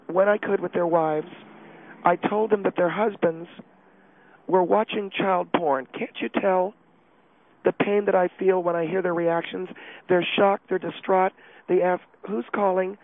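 Through a tinny, phone-like line comes a high-voiced caller: a man impersonating a prim, upset middle-aged wife. Her confession is self-pitying, broken up and breathless.

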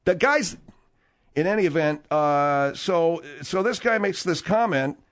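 Radio host guy, blunt and sarcastic, bit high voice that jumps all over. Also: lively intonation, measured pace, a bit bright. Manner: blunt, sarcastic, reads news aloud with asides. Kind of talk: casual radio banter.

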